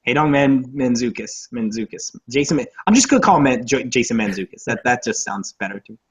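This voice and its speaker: A young man co-hosting a casual movie podcast, rambling, profane and excitable. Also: medium pitch, fast talker. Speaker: podcast co-host.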